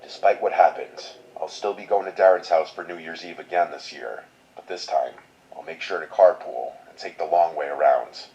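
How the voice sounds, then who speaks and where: Man, very deep voice, somber horror narration, dull lo-fi audio. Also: vocal fry, warm tone. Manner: measured, somber storytelling. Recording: dull lo-fi sound, faint noise.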